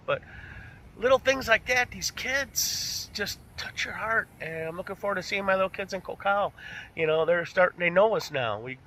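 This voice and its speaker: Older man talking in a bright, open voice. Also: sits high. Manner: rambling, heartfelt, lots of fillers. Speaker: missionary vlogger. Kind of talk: emotional casual vlog. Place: outdoors on a beach.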